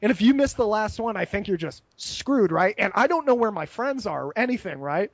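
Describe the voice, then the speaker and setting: High-voiced young man, loose and profane raconteur, dry slightly muffled sound. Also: brisk, no room sound. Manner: animated, profane, laughs while telling stories. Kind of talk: casual storytelling chat.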